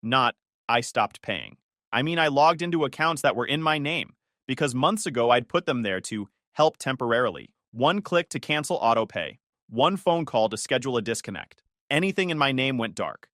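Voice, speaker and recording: A man reads a scripted first-person story in a bitter, matter-of-fact tone. His pitch sits in the middle but moves around a lot. The sound is dry and close. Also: animated, brisk, a bit bright, no room sound.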